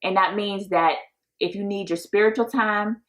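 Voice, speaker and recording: A woman's voice: mid-range voice, moderate pace. A woman in her thirties hosting a podcast, talking casually in an upbeat, encouraging way and laughing often. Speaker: podcast host. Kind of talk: casual solo podcast talk.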